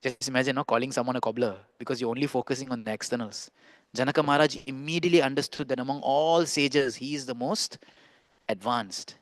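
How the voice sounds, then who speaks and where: A man giving a scripture class as a monk, telling a story in an animated way and slowing down for emphasis. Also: medium pitch, dry recording. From India. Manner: animated storyteller, acts out quoted dialogue, slows for emphasis. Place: temple hall.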